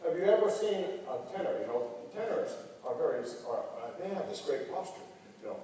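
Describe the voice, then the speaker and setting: An older American man leads a hands-on workshop with a volunteer and keeps his coaching folksy and joking. His voice is mellow and sits a little high. He is picked up from far off by a camera in a large, echoey hall with a long reverb. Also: brisk. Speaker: band clinician. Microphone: camera far from the speaker.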